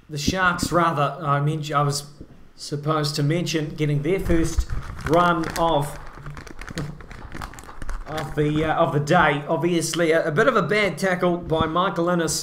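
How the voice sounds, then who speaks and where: A man doing lead commentary for a match, brisk play-by-play with joking banter. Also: on the high side, fairly bright tone, reverberant, slight background noise. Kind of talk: comedic amateur sports commentary.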